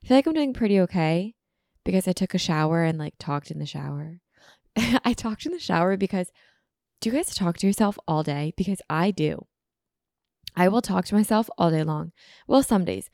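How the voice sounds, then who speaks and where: Woman with a gravelly morning voice, chatty host. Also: lowish voice, expressive, normal speed, warm tone, dry recording, studio quality. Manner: chatty, rambling, full of "like" and "um". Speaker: podcast host. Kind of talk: casual chat podcast. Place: her apartment.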